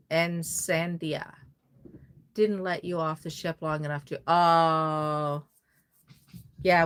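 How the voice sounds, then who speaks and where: A woman with a Cape Breton Maritime Canadian accent hosts a casual doll-making livestream, chatting effusively with viewers as she works. Her voice is lowish and creaky with a fairly bright tone.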